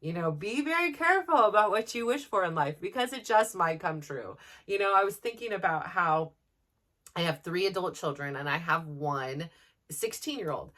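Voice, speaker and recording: A woman in her forties speaks openly on her podcast, chatty and lively, tumbling through fillers and acting out her own inner voice. Her pitch sits squarely in the middle. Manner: candid and animated, with many fillers and self-quotes. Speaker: podcast host. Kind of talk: personal reflective talk.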